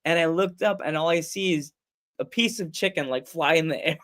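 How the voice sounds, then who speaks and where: A man's voice: fairly high pitch, normal speed. A man hosting a podcast, telling a story in casual chat, acting out other people's voices and laughing often. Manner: animated storyteller, acts out voices, laughs a lot. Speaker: podcast host.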